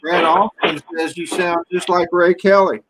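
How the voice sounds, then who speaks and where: A man hosting a livestream, reading out viewer comments in a relaxed way. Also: high voice, normal speed, slight background noise, rough recording. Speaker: stream host reading chat. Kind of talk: casual chat.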